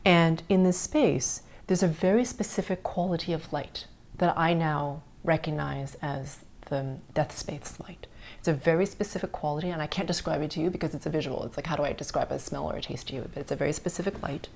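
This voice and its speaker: A middle-aged woman hosting a spiritual podcast, earnestly recounting a personal experience and dropping to soft whispers at tender moments. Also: low voice, fairly quick, gravelly, a little hiss or hum. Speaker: podcast host.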